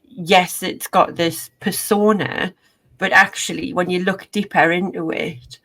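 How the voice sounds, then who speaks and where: A woman's voice: on the low side, a bit bright, poor audio. A woman from Northeast England, a guest speaking reflectively in a casual interview chat. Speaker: podcast guest, business owner.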